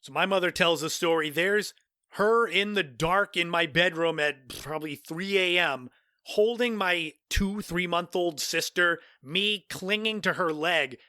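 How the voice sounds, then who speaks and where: Bright-voiced man telling a personal story. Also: high-pitched, dry recording, clean studio sound. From Cape Cod, Massachusetts, USA. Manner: conversational, with offhand asides. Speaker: podcast host.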